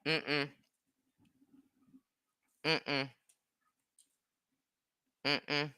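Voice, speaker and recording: Bright-voiced woman ranting on a livestream. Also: medium pitch, lively intonation, measured pace, no room sound, studio quality. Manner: emphatic, repeats herself, talks back to commenters. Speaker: live streamer. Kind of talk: casual live-stream chat. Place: at home. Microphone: phone livestream.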